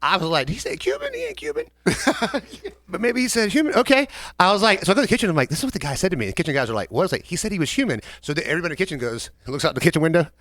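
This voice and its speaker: With hardly a pause, a young Southern American man speaks rapid-fire in a voice on the high side, recorded with no room sound. He's a podcast co-host and bartender, animatedly recounting a job story in a casual chat and voicing the customers.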